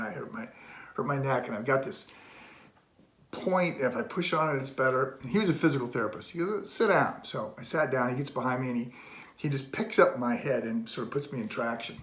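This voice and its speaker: A middle-aged man, a pastor, giving a casual devotional talk and telling a story with animated, acted-out dialogue. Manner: animated, acts out dialogue with rising pitch. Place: relatives' home. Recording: roomy echo.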